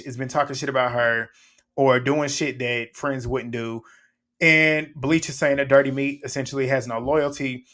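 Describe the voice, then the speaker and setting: Guy w doing a reality tv recap, blunt n mocking, kinda high voice. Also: a bit bright. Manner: blunt, mocking, laughs often. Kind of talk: casual recap commentary.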